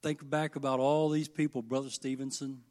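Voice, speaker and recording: A middle-aged man preaching a sermon, folksy and impassioned, moving between hushed asides and loud, emphatic peaks. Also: mid-range voice, little pitch movement, moderate pace.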